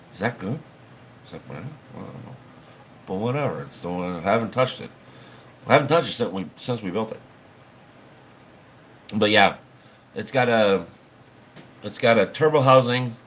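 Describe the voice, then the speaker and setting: A man's voice: lowish voice, lively intonation, measured pace, pauses often, a bit bright, a little hiss or hum. A man hosting a livestream, chatting casually in a rambling, folksy way and swearing now and then. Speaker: livestream host.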